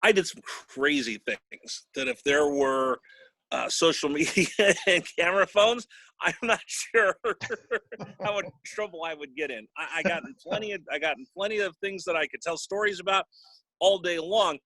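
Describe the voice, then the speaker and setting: A male sports broadcaster tells personal stories in an interview, growing emotional and choking up at times. His voice is fairly high and sharp at a moderate pace, recorded at low quality with no room sound.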